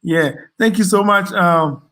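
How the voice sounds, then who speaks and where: A man's voice: sits high, unhurried, pushed and bright. Ghanaian man hosting a casual live chat. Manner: reads out comments and thanks viewers, frequent ums and repeats. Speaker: livestream host reading viewer chat.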